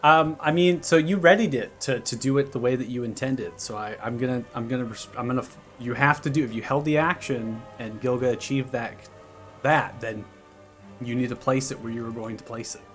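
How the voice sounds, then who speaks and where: A man narrating a tabletop game as game master, calmly describing the combat. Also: medium pitch, a little fast, soft background music.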